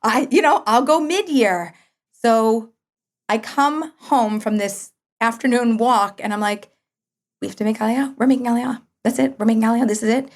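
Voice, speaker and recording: High-voiced woman telling a lively story. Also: moderate pace. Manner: lively, acts out quoted dialogue, laughs often. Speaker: podcast guest. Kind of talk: animated personal storytelling.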